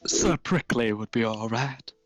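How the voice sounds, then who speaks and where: A man's voice: medium pitch, a little slow, noisy background, close to an everyday voice. A man voicing a friendly male talking cactus, cheerful and drawn out.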